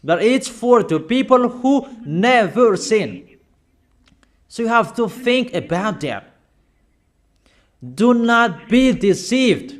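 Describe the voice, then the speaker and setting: A man preaching a sermon, insistent and repeating phrases slowly for emphasis. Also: sits high.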